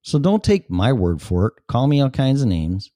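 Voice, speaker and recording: A man's voice: mid-range voice, big pitch swings, moderate pace, dark tone, no echo, clean studio sound. A man hosting his own talk show, reading a chat room aloud and answering it in a blunt, sarcastic way with plenty of swearing.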